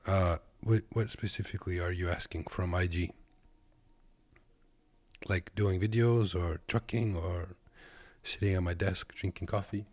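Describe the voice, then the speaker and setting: A man's voice: low voice, steady tone, a little slow, long pauses, darkish tone, dry recording. A man from Kazakhstan who drives trucks, giving laid-back, joking reaction commentary from his desk. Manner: laid-back, joking, talks to viewers as "boys".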